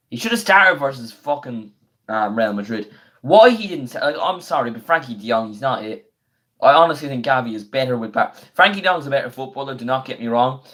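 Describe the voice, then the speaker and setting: A young man, his voice going hoarse, chatting casually on a live football watchalong and breaking into excited play-by-play of the action. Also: mid-range voice. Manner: chatty and slangy, bursts into quick excited play-by-play. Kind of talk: casual live stream chat with match commentary.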